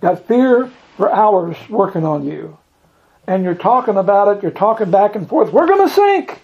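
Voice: medium pitch, moderate pace, dull audio. A Bible study leader teaching in a loose, folksy way, chuckling often and acting out scripture lines in bigger voices.

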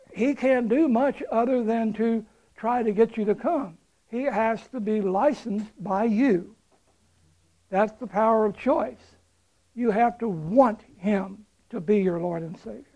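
A male pastor delivers a sermon in a high, mellow voice, leaning into repeated phrases with fervor. The recording is dull and slightly muffled. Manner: fervent, repeats phrases for emphasis.

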